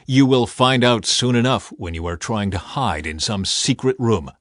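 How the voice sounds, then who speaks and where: A man's voice: mid-range voice, expressive, moderate pace, a bit bright, no room sound, clean studio sound, lightly acted. A man voicing a defiant ancient prophet, speaking in a solemn, unyielding way in a scripture reading.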